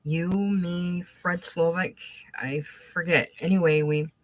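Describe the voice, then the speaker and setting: A gruff, hard-drinking older widower who mutters his words, as a woman reads him. Low voice, dry sound. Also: fairly even intonation, slow, no echo, low-quality recording.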